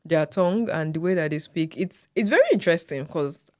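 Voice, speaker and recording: A woman chats in a relaxed podcast conversation, with a slightly low voice. The sound is dry and close, and she often murmurs along in agreement. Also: fairly quick, no room sound. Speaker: podcast co-host. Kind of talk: casual chat.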